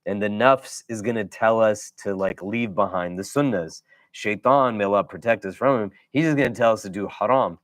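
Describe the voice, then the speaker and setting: A man's voice: on the low side, normal speed, hardly any pauses, dry recording. A middle-aged man from the United States, an imam giving a weekly religious lecture in a casual, conversational way, often checking in with "do you know?".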